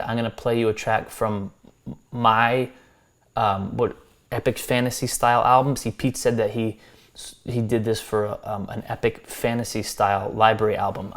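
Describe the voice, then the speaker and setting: An American man reviewing subscribers' music, talking loosely with restarts and friendly advice. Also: lowish voice. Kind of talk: casual spoken critique.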